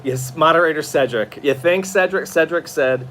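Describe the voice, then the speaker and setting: A tired man hosts a casual live stream from his new apartment, chatting expressively and answering viewer comments. His voice is a little high and a bit bright, at normal speed, with slight background noise.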